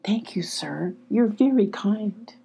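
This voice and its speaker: A woman voicing a shy, frightened young female fox pup in a soft whisper for a storybook. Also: mid-range voice, lively intonation, normal speed, creaky, husky.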